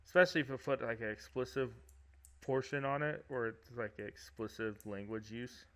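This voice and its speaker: Casual and loose, this man with a Michigan accent talks at an ordinary middle pitch. He rambles through his points with fillers and laughs a lot as he co-hosts a podcast. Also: normal speed, fairly bright tone. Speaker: podcast host. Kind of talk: casual chat.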